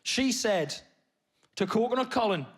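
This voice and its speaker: Animated man telling a stand-up story. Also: unhurried. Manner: animated, swings between loud bursts and low muttered asides. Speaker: stand-up comedian. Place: comedy stage before a live audience.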